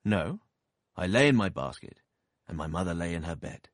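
Brief: deep-voiced man narrating a classic novel, expressive and lively in pitch. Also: dry recording, clean studio sound. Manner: expressive, measured storytelling. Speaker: audiobook narrator.

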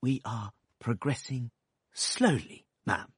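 A meek, mild-mannered doctor, as a man reads him, soft and placating, forever trying to calm people. The voice is a touch husky and sits close to the microphone with no room sound. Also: medium pitch, slow pace, no room sound, voice pushed up, full character voice. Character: mild meek male country doctor, timid and soothing. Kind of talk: audiobook character voice.

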